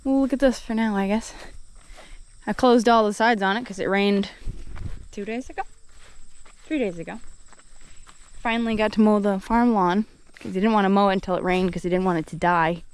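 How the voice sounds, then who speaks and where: A woman chatting casually as a farm vlogger, talkative and bubbly, sometimes excitable. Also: mid-range voice, normal speed, long pauses, clean tone. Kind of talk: casual chat. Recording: loud road and engine noise.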